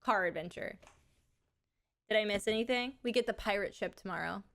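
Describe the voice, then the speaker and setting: A woman's voice: mid-range voice, creaky, fairly bright tone. Brief: young female streamer, slight lisp, loose giggly chat to viewers. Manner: chatty and giggly, drawn-out words. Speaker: livestreamer. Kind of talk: casual chat to a live audience.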